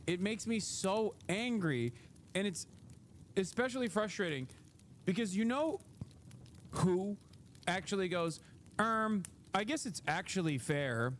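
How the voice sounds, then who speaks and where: A man's voice: high-pitched, slight background noise. A man hosting a livestream, giving casual commentary in a heated, profane rant, often laughing. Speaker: livestream host.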